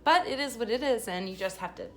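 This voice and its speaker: Bright-voiced emotional mother vlogging. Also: fairly high pitch, quick pace. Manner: emotional, laughs often, animated storytelling. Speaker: mother of a special-needs daughter. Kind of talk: casual personal vlog talk.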